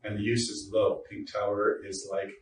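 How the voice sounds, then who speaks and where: A man's voice: fairly low pitch, little pitch movement, moderate pace. A man giving an informal workshop lecture to teachers, chatty and joking, with asides to the audience. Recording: roomy echo, distant mic, faint noise.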